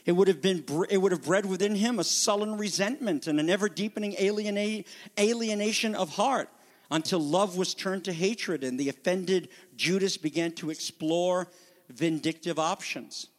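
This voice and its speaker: Animated preacher in a reverberant hall. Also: male voice, high voice, moderate pace. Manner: animated preaching, acting out the disciples' voices. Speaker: pastor. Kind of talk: sermon.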